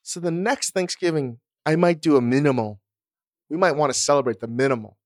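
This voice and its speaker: A man's voice: a little high, fairly quick, dry recording, clean studio sound. A man co-hosting a podcast, chatting casually in a blunt, profane, self-mocking way. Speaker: podcast co-host. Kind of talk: casual chat.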